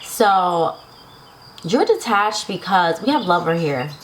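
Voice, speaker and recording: A woman's voice: lowish voice, lively intonation, slow, slight background noise, rough recording. A woman giving a casual tarot reading to her viewers, chatty and laughing often, checking in with "right?" and "okay?". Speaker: tarot reader.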